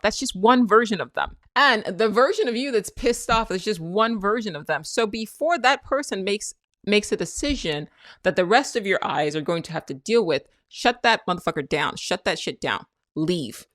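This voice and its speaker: A woman's voice: lowish voice, no echo, clean studio sound. A woman hosting a podcast, talking through spiritual self-help ideas in a candid, reflective way, swearing freely and laughing at herself. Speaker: podcast host.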